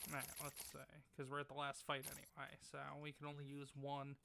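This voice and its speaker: A man's voice: medium pitch, monotone, a little fast, noisy background. A man hosting a live game stream from home, reading chat messages aloud and teasing his wife. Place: home, at the gaming setup. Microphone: desk mic left live.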